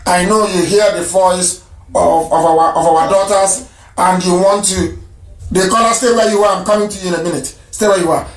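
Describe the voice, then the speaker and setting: A man with a high voice hosts a live radio call-in show and talks emphatically, hammering points home by saying them again and again. His voice rings in an echoey room. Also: fairly even intonation, moderate pace. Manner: emphatic, repeats phrases for stress. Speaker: radio broadcast host.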